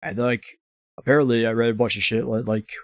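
A man's voice: mid-range voice, flat delivery, brisk, no room sound, clean studio sound. A man casually recapping a movie in a profane, rambling way, throwing in mocking impressions. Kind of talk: casual chat.

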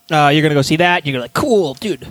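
Kinda high-voiced guy rambling on a podcast, swears a lot, really bouncy pitch, dry room. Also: fairly quick, vocal fry, no room sound. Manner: rambling, profane, animated storytelling. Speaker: podcast host. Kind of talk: casual chat.

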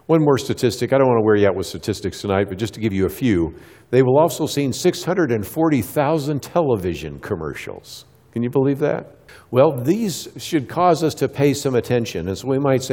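Mellow-voiced middle-aged man giving a church talk. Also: medium pitch, expressive, in a large hall. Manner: asks the audience questions and answers them himself; acts out quick little dialogues with kids. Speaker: Christian speaker. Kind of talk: church talk to a live audience.

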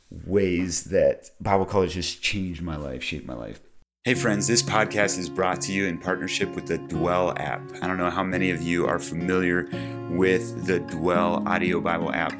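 Low-voiced young man talking over guitar music. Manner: thoughtful, hesitant, frequent restarts and "like". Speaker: podcast host. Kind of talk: casual reflective podcast talk with a read ad. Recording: music playing behind the voice.

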